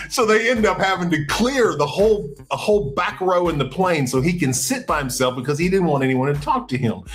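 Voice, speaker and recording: A male podcast host telling a story casually, in an animated way, acting out what people said. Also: fairly quick, hardly any pauses, faint music behind. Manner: animated, acts out quotes with big pitch jumps.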